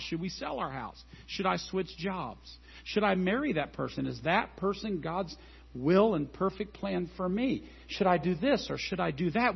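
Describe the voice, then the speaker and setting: Animated high-voiced pastor preaching. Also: male voice, vocal fry, breathy edge, muffled recording. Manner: animated and storytelling, acting out scenes. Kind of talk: sermon.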